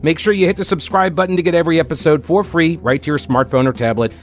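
A man's voice: on the high side, fast, soft background music. A male talk radio host giving a chatty, sardonic monologue from a radio studio, with lots of fillers. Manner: conversational and sardonic, with frequent fillers.

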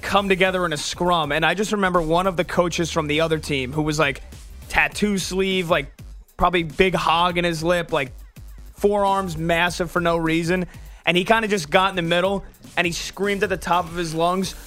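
High-voiced former player on a sports show. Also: male voice, pushed and bright. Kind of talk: casual sports chat.

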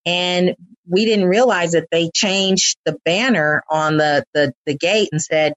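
Low-voiced woman hosting a casual chat. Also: measured pace, no echo, dull audio. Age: older than the young dancers. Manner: rambling, warm, many fillers and restarts, playful. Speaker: host and dance team leader. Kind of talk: casual conversation.

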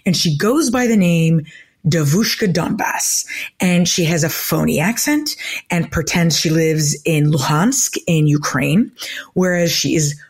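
Husky low-voiced woman, indignant. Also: measured pace. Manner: animated, indignant, many restarts. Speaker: regular guest commentator. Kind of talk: casual podcast chat.

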